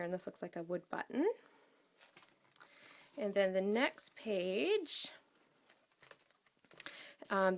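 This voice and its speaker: A woman chatting casually as she shows a handmade scrapbook album, gushing with praise and pausing often with ums. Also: medium pitch. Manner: enthusiastic, gushing, with many ums. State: out of breath. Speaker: craft vlogger.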